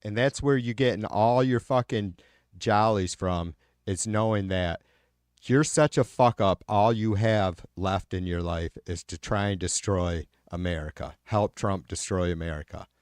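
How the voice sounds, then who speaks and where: A man's voice: low voice, a little slow, darkish tone, smooth, dry recording, studio quality. A man from Michigan hosting a casual livestream, reading viewer comments and ranting angrily with lots of swearing, fillers and restarts. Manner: profane, angry ranting with frequent fillers and restarts. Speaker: livestream host.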